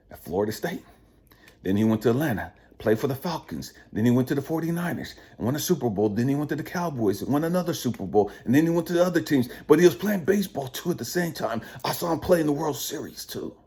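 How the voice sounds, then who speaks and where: Husky, profane man ranting. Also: medium pitch, darkish tone. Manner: profane, preachy, emphatic. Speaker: channel host. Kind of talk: ranting monologue.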